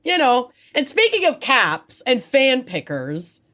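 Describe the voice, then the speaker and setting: A woman's voice: high voice, very animated, slow, pushed and bright. A woman from Minnesota co-hosting a true crime podcast, talking bluntly with lots of swearing. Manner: profane, blunt and emphatic. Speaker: podcast co-host. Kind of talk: casual chat.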